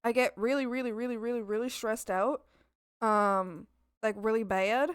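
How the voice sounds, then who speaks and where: A young woman streams her art from her home apartment, chatting casually as she draws and breaking into bubbly, squealed exclamations. Her voice is on the high side, steady and clean, at normal speed.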